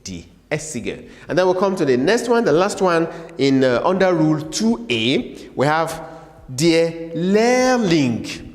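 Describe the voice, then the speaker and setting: A man teaching a language lesson, repeating each word slowly and asking listeners to say it after him. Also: on the high side, expressive, in a large hall. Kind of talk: slow classroom lesson with repetition drills.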